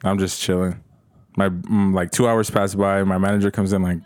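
A man's voice: low voice, little pitch movement, normal speed, darkish tone, no echo, clean studio sound. A young man telling stories in a casual chat, laid-back and swearing freely. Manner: profane, laid-back storytelling.

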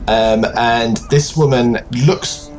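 A man narrating as game master of a tabletop role-playing game, calm and measured. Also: mid-range voice, soft background music.

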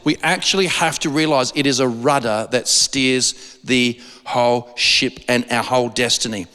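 A man with an Australian accent preaching a sermon, animated, often repeating words for emphasis. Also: mid-range voice, moderate pace, few pauses, clean tone. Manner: animated, repeats words when stressing a point. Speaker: pastor. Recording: long hall reverb.

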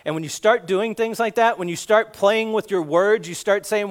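A middle-aged man preaching a sermon in a relaxed, conversational way, cracking jokes and asking the kids questions. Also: high voice, moderate pace, hardly any pauses. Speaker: guest preacher.

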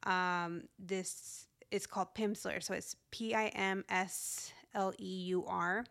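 A woman's voice: medium pitch, fairly even intonation, slow pace, vocal fry, fairly bright tone. Chatty woman podcasting solo. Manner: chatty, upbeat, laughs often. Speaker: podcast host. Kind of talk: casual solo podcast talk.

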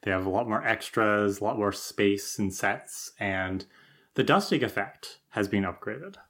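A woman's voice: extremely low pitch, expressive, unhurried, a bit bright. A woman co-hosting a podcast, adding dry, observant comments in casual chat. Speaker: podcast co-host.

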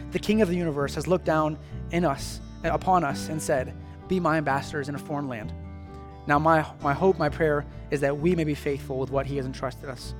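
A man's voice: fairly high pitch, long reverb tail. A man preaching a sermon, earnest and emphatic, driving points home with repeated phrases and rhetorical questions.

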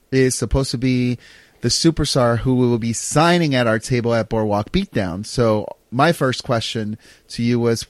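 A man co-hosting a casual wrestling chat, excitable and animated, quick to laugh. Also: medium pitch, no room sound. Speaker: podcast co-host.

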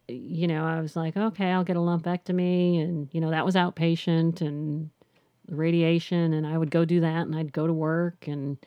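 A woman's voice: low voice, no room sound, highs cut off. A middle-aged woman, a guest, telling her personal story candidly and reflectively, often restarting and saying "you know".

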